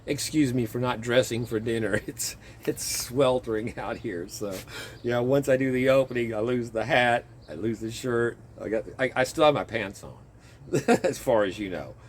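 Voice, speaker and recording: A man's voice: mid-range voice, animated, moderate pace, slight background noise. Rambling, chuckling man in a backyard. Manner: rambling, chuckling, self-interrupting. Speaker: vlogger and home gardener. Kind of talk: casual outdoor vlog. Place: backyard garden, outdoors.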